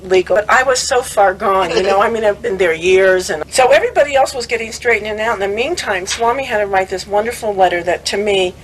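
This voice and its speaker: An older woman recounting her memories in a lively, conversational way, often laughing and acting out what others said. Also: medium pitch, a little fast, hardly any pauses, a little hiss or hum, low-quality recording. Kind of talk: conversational storytelling.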